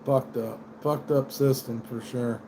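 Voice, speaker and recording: A man's voice: medium pitch, steady tone, measured pace, noisy background. American male livestream host, mid-range voice, rambling profane rant. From United States.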